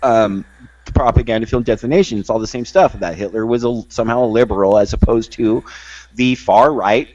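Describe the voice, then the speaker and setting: Brief: man podcast host, mid pitch, rambling with restarts, dry close recording. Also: brisk, darkish tone, dry recording, muffled recording. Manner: rambling, lots of fillers and restarts. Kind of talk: casual political chat.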